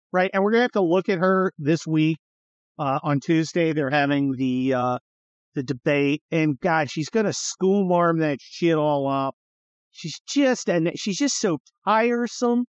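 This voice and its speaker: A man's voice: high-pitched, dry recording, muffled recording. A man hosting a political podcast, talking in a sarcastic, mocking and blunt way, with swearing. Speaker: podcast host. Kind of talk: political commentary monologue.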